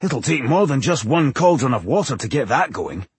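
A man's voice: medium pitch, very animated, moderate pace, breathy edge, no room sound. A male narrator voicing a level-headed male dwarf warrior with a dry, joking manner. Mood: practical. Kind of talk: audiobook character voice.

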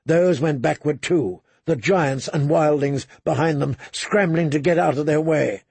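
Close-miked and dry, a man reads a dramatic audiobook with measured delivery and slips into hushed low tones at the tense parts. He has a gravelly, somewhat husky voice set slightly high for a man.

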